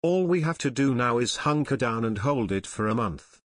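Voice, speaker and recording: A man's voice: medium pitch, expressive, moderate pace, fairly bright tone, no room sound. A man voicing a scheming male army major who gives orders smugly. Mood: commanding. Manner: commanding, fiendishly smug.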